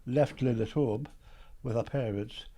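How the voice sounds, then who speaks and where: An older man with a Geordie accent, a guest on an interview show, telling his story in a lively way and acting out old conversations. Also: mid-range voice, a little slow, a little hiss or hum. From Newcastle, England.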